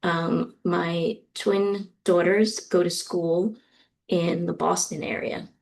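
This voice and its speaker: Woman lecturer, middle-aged, unhurried delivery, lots of ums, recorded lecture. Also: lowish voice, flat delivery, gravelly, a little mellow. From US East Coast. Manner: explanatory, frequent ums. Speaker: university lecturer.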